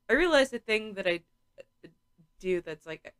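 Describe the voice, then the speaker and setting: A sleepy woman co-hosting a casual podcast, relaxed and drowsy, with lots of filler words. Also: mid-range voice, a little slow, clear, resonant tone, no echo, studio quality. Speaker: co-host.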